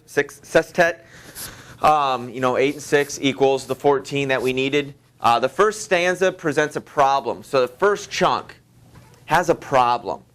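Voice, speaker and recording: A man's voice: on the high side, a bit bright, clear, resonant tone. Rambling man teaching a literature class. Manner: rambling, many fillers and restarts. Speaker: high school literature teacher. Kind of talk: classroom lecture.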